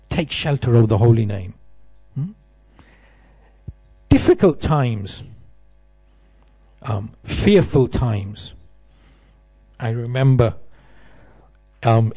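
A man's voice: mid-range voice, darkish tone. A middle-aged man giving a devotional class, telling humorous, self-deprecating stories. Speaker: temple speaker.

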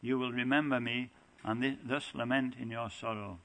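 A man's voice: medium pitch, steady tone, normal speed, fairly bright tone, natural voice, low-quality recording. A man reading aloud the part of a desperate, lovesick young goddess, earnestly and plainly from a scripture text. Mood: pleading.

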